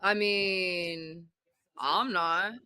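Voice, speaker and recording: A woman's voice: lowish voice, fairly even intonation, drawn-out words, bright, forceful tone, a little hiss or hum. A woman chatting on a group call, hedging and trailing off. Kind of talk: casual group chat.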